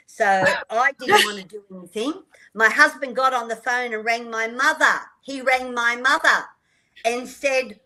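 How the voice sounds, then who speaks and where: An older woman, a radio guest telling her life story in a lively way and acting out the dialogue. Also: a little high, unhurried, low-quality recording. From Australia. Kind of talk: storytelling interview.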